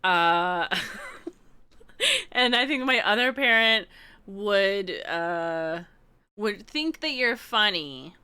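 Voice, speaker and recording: A woman livestreamer telling a story in casual chat with her viewers, excitable and laughing often. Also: mid-range voice, drawn-out words, pauses often, clean tone. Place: room at home, alone.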